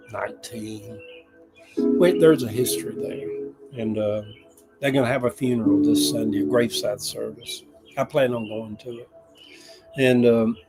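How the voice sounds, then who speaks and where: A man's voice: medium pitch, rough recording. An older man, chatting casually and emotionally on a livestream, rambling and reading viewer comments aloud. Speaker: livestream host.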